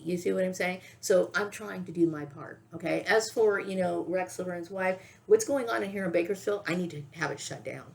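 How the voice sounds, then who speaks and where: A middle-aged woman talks straight to her camera in a rambling, worked-up vlog. Her voice sits fairly low and has a gravelly, fry-laden texture. She circles back on herself and keeps pressing her point with "okay?". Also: brisk, hardly any pauses. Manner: agitated, repetitive, keeps asking "okay?". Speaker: vlogger. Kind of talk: rambling direct-to-camera monologue.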